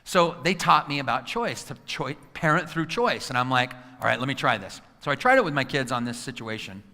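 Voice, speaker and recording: Animated man speaking in a reverberant hall. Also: mid-range voice, a little fast. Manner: animated storyteller who acts out quotes, asks the crowd questions. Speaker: motivational speaker. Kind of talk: live motivational talk to an audience.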